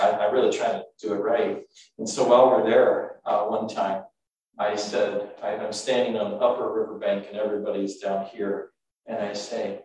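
A man preaching and telling stories in an animated, self-mocking way with halting restarts. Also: on the low side. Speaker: preacher and tour guide. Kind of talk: sermon with storytelling. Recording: echoey room, mic far off.

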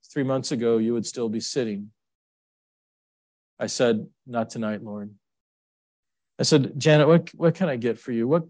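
A man preaching a sermon, telling stories with lively swings into a high excited voice. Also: dry recording. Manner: animated storytelling, jumps to high excited pitch. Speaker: pastor.

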